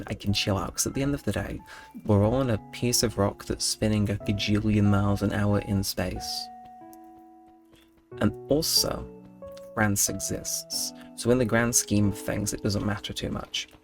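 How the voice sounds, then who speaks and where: A man's voice: fairly low pitch, darkish tone. A young man telling stories in late-night gameplay commentary, rambling with mock-indignant outbursts. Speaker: gaming channel host.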